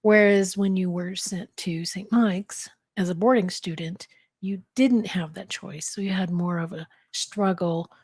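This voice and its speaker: A woman interviewer asks thoughtful, probing questions in a conversational way. Her voice is low and husky. The recording is dry and close. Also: steady tone, measured pace, darkish tone, no room sound.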